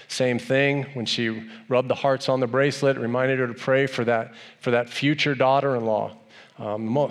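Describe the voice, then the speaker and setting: A middle-aged man preaching a sermon about family faith, talking in a relaxed, conversational way and growing emotional as he speaks of his sons and their wives. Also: medium pitch. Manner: warm, conversational, softens and grows emotional when speaking of family. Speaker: pastor.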